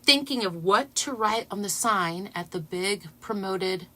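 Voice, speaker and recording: Woman host, casual livestream chat, excitable and giggly, bright tone. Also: mid-range voice, a little slow. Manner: excitable, laughing, talks to viewers. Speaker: channel host.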